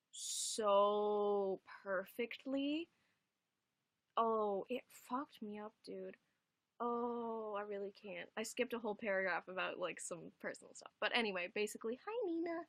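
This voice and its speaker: A woman's voice: mid-range voice, takes it slowly, pushed and bright, no echo. A young adult woman chatting casually on a home livestream, rambling and swearing casually.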